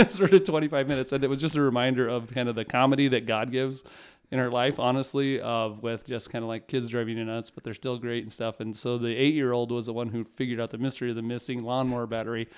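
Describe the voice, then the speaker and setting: A man's voice: mid-range voice, clear, resonant tone. A man in his forties, a father of four, telling rambling, self-mocking family anecdotes in a casual chat. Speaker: podcast guest.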